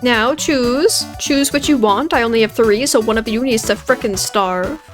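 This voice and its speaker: A woman's voice: on the high side, normal speed, soft background music, lightly acted. A woman voicing a bossy, cheeky child who leads the snack break, in a video game let's play. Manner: bossy, showy, blunt.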